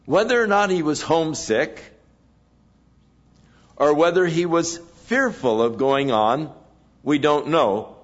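A man preaching an expository sermon in a measured way, pausing between phrases. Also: on the high side, expressive, highs cut off. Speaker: pastor.

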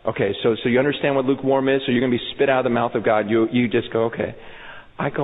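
A man's voice: medium pitch, fairly even intonation, fast talker. A man preaching a sermon as pastor, intense and urgent, often stammering and restarting as he acts out quoted voices. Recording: phone-like sound in a reverberant hall.

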